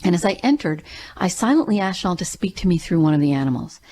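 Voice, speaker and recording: A woman's voice: lowish voice, very animated, quick pace, dark tone, a little hiss or hum. A woman hosting her own show, telling a personal story in an earnest, emphatic way. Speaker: show host and grief coach.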